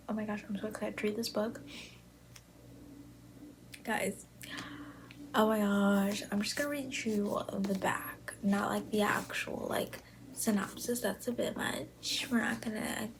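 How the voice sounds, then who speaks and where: A woman's voice: mid-range voice, creaky, low-quality recording. A nineteen-year-old woman from Buffalo, New York, chatting to camera about books, often whispering late at night in a gushing, filler-heavy way. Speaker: book vlogger. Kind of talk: casual chat to camera.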